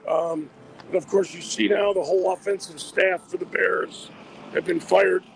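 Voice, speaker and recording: A hoarse man, an athletic director, calling in by phone to a radio show from outdoors. He chats casually and often restarts his sentences. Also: high-pitched, steady tone, moderate pace, slight background noise. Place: outdoors by a busy street.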